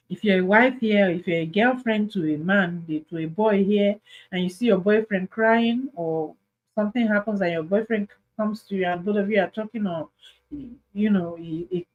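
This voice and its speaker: A woman's voice: mid-range voice, moderate pace, highs cut off. A Nigerian woman hosting an advice talk, speaking earnestly and pleading, repeating her points for emphasis. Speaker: host.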